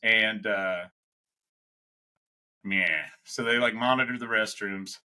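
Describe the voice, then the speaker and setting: A man's voice: on the low side, slow, pushed and bright. A young man, a podcast co-host, telling a rambling, swearing anecdote in casual chat, laughing as he goes.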